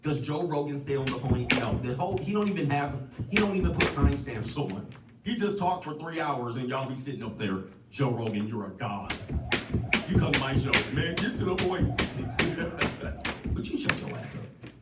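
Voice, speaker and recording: A man's voice: medium pitch, animated, normal speed, loud music behind the voice. A man hosting a casual livestream podcast, joking and rambling with frequent laughs. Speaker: podcast host. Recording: echoey, distant mic, loud noise.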